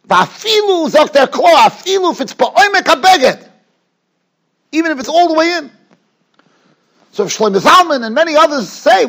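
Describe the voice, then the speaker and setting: A man's voice: very high voice, animated, normal speed, pauses often, fairly bright tone. A man, a rabbi teaching a Talmud class in a yeshiva, explaining step by step and repeating words as he builds his argument. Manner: explanatory, repeats words while building an argument, mixes in Hebrew and Yiddish terms. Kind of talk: lecture on Jewish law, explaining and questioning. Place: yeshiva study hall.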